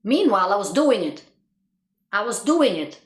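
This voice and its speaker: Speaking at a normal speed, this woman has a medium-pitched voice that swings widely up and down. She's a motivational speaker giving a sincere, reflective talk, repeating herself for emphasis and laughing at her stories, with a roomy echo around her.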